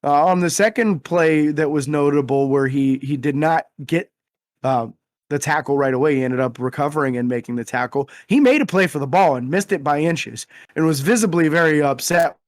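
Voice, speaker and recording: A young man co-hosting a casual sports podcast, talking energetically and quick to exclaim. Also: fairly high pitch, no echo. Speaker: podcast co-host.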